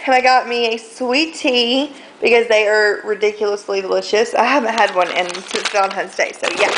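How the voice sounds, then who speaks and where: A woman's voice: fairly high pitch, sharp tone. Chatty woman vlogging in an echoey room. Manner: chatty, rambling, full of ums and likes. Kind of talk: casual daily vlog chat. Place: indoors at home, walking between rooms. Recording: echoey room, faint background noise.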